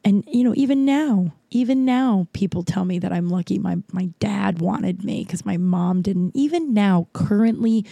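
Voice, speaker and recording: A woman's voice: medium pitch, moderate pace, creaky, few pauses, mellow, dry recording. A woman comedian telling a candid personal story, speaking frankly and swearing freely.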